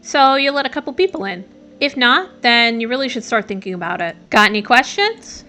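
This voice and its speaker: A woman's voice: a little high, lively intonation, fairly quick, sharp tone. A woman voicing a weary neighbor who shelters strangers, in a plain, resigned matter-of-fact reading.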